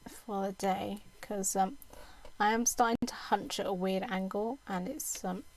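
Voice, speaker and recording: A woman's voice: medium pitch, rough recording. A young British woman with a mixed, mostly Southern English accent, chatting casually with her stream viewers, with lots of ums and restarts.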